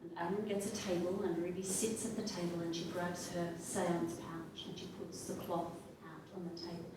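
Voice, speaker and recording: An Australian woman storyteller tells a folk tale in a lilting, expressive manner. She is recorded from a distance in a very echoey space, with a faint hiss under her voice. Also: on the low side, moderate pace. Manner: lilting, expressive, dropping to a hush in ritual passages. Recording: echoey room, distant mic, faint noise.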